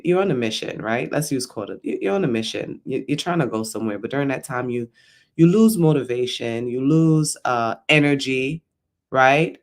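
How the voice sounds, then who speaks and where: A man giving a casual, rambling motivational talk, often checking in with "right?". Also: medium pitch. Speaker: vlogger.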